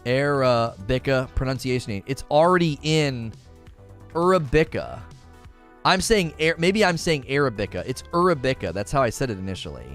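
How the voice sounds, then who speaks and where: A man's voice: mid-range voice, lively intonation, normal speed, a bit bright, soft background music. Casual man chatting on stream. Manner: rambling, reads chat aloud, many restarts. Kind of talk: casual live-stream chat.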